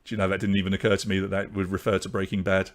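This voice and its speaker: A man hosting a live online pub quiz, from Britain, briskly reading out questions, answers and scores and chatting with viewers. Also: low-pitched, monotone.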